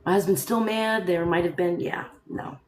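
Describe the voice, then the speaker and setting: A woman's voice: on the low side, normal speed, a little hiss or hum. A woman hosting a casual live stream, talking straight to her viewers and firing rhetorical questions at them. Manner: animated, rhetorical, addresses viewers directly. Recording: echoey room sound.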